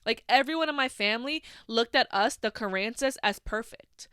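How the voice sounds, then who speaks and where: Casual twenties woman hosting her own podcast; slightly high, crisp voice, swears freely, leans on "like". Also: normal speed, pushed and bright, no room sound, studio quality. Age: 20s. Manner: frank and heavily profane, full of "like" fillers. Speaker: podcast host. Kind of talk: candid solo podcast monologue.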